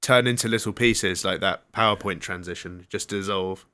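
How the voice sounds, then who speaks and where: A man's voice: low-pitched, normal speed, pushed and bright, smooth. A man hosting a comedy radio show, reading mock news in a jokey newsreader manner. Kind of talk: comedic retro radio banter.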